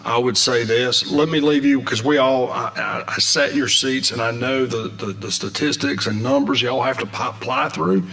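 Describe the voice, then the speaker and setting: A man telling an animated, folksy story while testifying at a legislative hearing. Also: mid-range voice, moderate pace, hardly any pauses. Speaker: agency director testifying.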